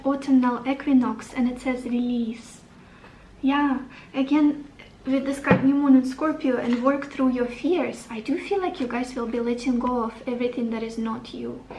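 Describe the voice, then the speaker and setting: A woman's voice: a little high, a little mellow, echoey room, far from the mic, a little hiss or hum, poor audio. A woman giving a tarot reading to the camera, upbeat and encouraging, thinking aloud as she turns over cards. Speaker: tarot reader.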